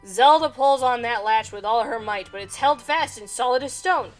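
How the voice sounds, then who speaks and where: A woman's voice: fairly high pitch, moderate pace, soft background music. A woman running a gamebook adventure as game master, reading aloud casually and laughing between lines.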